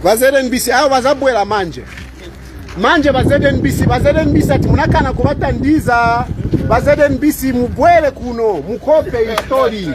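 A middle-aged lawyer with a Zambian accent addresses the camera in a passionate public appeal, hammering points through repetition and tacking on "eh?" to win agreement. He talks fairly quickly in a very high voice. Heavy background noise runs under the recording.

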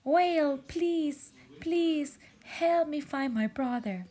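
A woman voicing an anxious little jellyfish boy in a storybook reading, with high pleading cries. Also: slow, warm tone.

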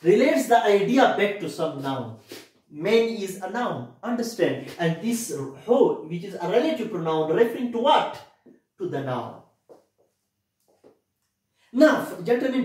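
A man's voice: sits high, darkish tone. A male English lecturer with a Pakistani accent, giving a repetitive classroom grammar lecture and often checking that students understand. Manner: repetitive, keeps asking "understand?"; switches into quick Urdu asides. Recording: very echoey room, voice far from mic.

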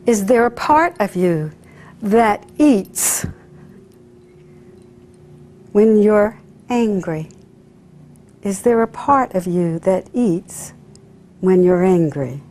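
A woman's voice: mid-range voice, lively intonation, very slow, pauses often, darkish tone, a little hiss or hum. A woman hypnotist leading a live stage demonstration, coaxing volunteers with sing-song repeated phrases. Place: room with a live audience.

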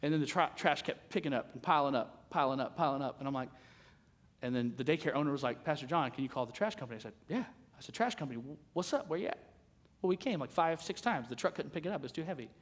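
Animated storytelling male pastor, fairly high voice. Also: fast talker. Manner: casual, animated storyteller acting out conversations. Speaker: senior pastor. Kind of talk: sermon with storytelling.

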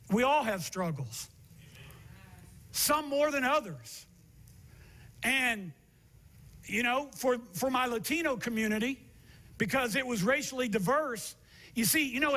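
High, bright-voiced male pastor preaching. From Miami area, United States. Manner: storytelling, building to emphatic shouted preaching. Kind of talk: sermon.

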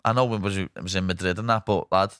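Bright-voiced Scouse lad telling stories. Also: male voice, low voice, quick pace, no room sound, studio quality. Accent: Liverpool Scouse. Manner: swearing, lively storytelling peppered with "lad". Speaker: podcast host. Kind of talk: casual chat. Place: podcast studio.

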